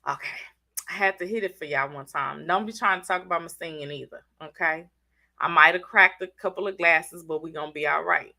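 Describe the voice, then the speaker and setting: A congested woman from the Southern United States hosts a casual live stream, reading the chat, using slang and teasing viewers by name. Her voice is on the low side with vocal fry and a sharp tone, and she talks fairly quickly.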